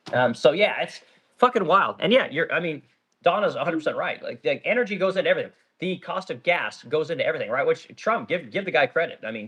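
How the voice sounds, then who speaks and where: Man, middle-aged, small business owner, casual livestream rant, profane, blunt, quick, a little raspy. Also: medium pitch, fairly bright tone. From Oregon. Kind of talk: casual live-stream rant reading comments.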